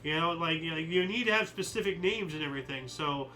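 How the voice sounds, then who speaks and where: A man with a high, bright voice hosts a daily history livestream. He reads each year with a lift, then wanders into loose, joking asides with some mild swearing. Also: fast talker, poor audio. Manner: punches out each year before the entry. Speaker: host of a daily history stream. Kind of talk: casual livestream chat reading dates.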